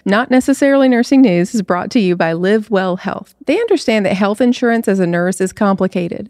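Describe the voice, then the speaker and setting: A woman's voice: medium pitch, a little mellow, no echo, studio quality. A woman co-hosting a podcast, chatting casually and reading a satire article aloud, laughing often. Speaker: podcast co-host.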